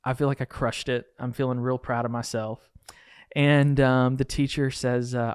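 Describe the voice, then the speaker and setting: A man hosting a podcast, telling a coaching story in a lively way and acting out the quoted dialogue. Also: mid-range voice, moderate pace, clear, resonant tone, no echo, studio quality. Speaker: podcast host and real estate coach.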